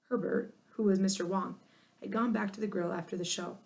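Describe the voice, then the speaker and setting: A woman narrating a children's chapter book in an expressive, lively way. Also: mid-range voice, fairly quick, vocal fry. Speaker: audiobook narrator. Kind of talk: children's storybook reading.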